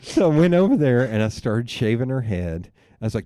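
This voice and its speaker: A man's voice: medium pitch, fairly quick, no room sound, studio quality. A young man hosting a podcast, telling family stories in casual chat and acting out the voices of his relatives with laughs along the way. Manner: animated storyteller, quoting family with laughs. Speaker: podcast host.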